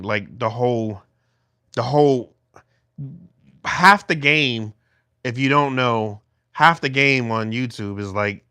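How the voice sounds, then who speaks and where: A man's voice: lowish voice, pushed and bright, clean tone, dry recording, studio quality. Chatty man livestreaming from his phone. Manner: rambling, many restarts, chatty with commenters. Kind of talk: casual livestream chat with viewers. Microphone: phone held in hand.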